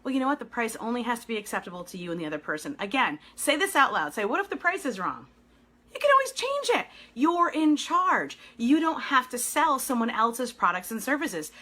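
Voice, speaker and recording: A middle-aged woman coaching business owners live, animated and encouraging, often laughing. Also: on the high side. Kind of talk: live video coaching talk.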